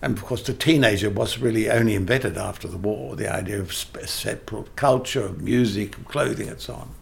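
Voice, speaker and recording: A man's voice: lowish voice, a little fast, vocal fry, a little hiss or hum. An older man, a theatre director telling emphatic anecdotes in an interview, often restarting his sentences. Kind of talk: interview conversation.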